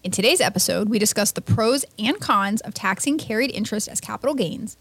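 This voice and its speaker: A woman co-hosting a podcast who banters quickly and sounds exasperated, speaking into a close podcast mic. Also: medium pitch, a bit bright, breathy edge, dry recording. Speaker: podcast co-host. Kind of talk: casual podcast chat.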